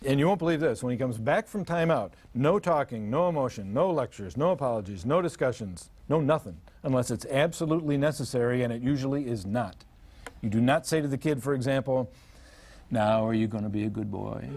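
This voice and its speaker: A man's voice: mid-range voice, sing-song, normal speed, pauses often, a little mellow, slight background noise. An older man giving a live parenting seminar to an audience, telling humorous stories and acting out parents and children. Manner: humorous, storytelling, acts out parents and kids.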